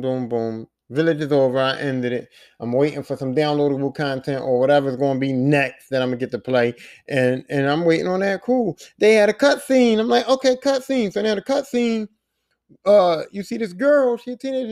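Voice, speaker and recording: A man hosting a podcast, retelling a video game's story in an animated, profane way and acting out the characters' lines. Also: high voice. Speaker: podcast host. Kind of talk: casual game recap monologue.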